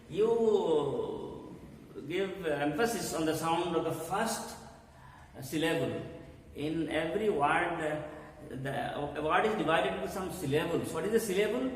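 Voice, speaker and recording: A man teaching an English pronunciation lesson, slowly repeating words for emphasis. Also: sits high. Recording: echoey hall, mic far off, faint hum.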